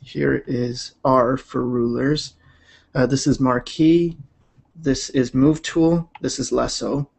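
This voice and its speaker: A man's voice: medium pitch, fairly even intonation, slow pace, creaky, a little mellow, slightly rough. A man chatting casually while drawing on a livestream, laid-back and rambling with many fillers. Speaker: digital artist streaming.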